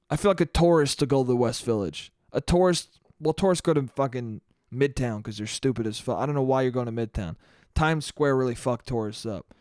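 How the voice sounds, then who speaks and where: Profane, rambling podcast host. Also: male voice, medium pitch, no echo, studio quality. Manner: profane, rambling, laughing at his own jokes. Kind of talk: solo comedic podcast monologue.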